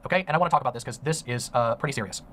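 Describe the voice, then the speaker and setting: A man's voice: mid-range voice, rapid-fire, fairly bright tone, a little hiss or hum. A man narrating a commentary video in an earnest, serious way, with many ums and uhs. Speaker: online commentator.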